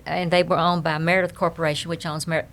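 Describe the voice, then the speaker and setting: An older woman with a Southern US accent tells lively stories as an interview guest. Her voice sits a bit low. She jokes and leans on folksy sayings. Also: fast. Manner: animated, joking, folksy sayings. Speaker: guest, humorist and speaker. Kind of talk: casual storytelling interview.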